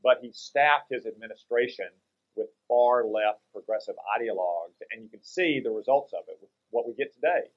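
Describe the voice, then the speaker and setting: A man, a senator guesting on a talk radio show, speaking in a measured, lecturing way. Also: medium pitch, dull audio. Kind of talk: political interview.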